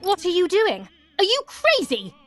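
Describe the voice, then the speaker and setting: A cold, menacing mother scolds in a harsh, high voice that rises and falls widely. She talks slowly, with threat in every word. Faint music plays behind her. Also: wildly swooping pitch, a bit bright, full character voice. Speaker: game character. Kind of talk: video game voice acting.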